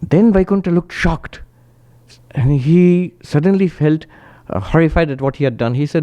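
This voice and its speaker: A man, a monk, giving a spiritual talk and telling stories with animated quoted voices. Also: normal speed, highs cut off. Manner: animated storyteller, raises pitch when quoting, laughs often.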